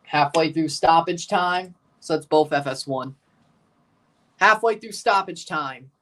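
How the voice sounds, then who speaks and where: Watching a live football match, a streamer talks through the action in an animated, somewhat bright voice on the high side, speaking a little slowly. His chatty commentary includes replies to viewers, and he gets nervous near the finish.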